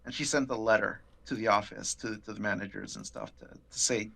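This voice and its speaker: Gravelly man telling a lively story. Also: lowish voice, normal speed, few pauses. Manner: animated, swearing, acts out quotes. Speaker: podcast guest. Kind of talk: casual storytelling.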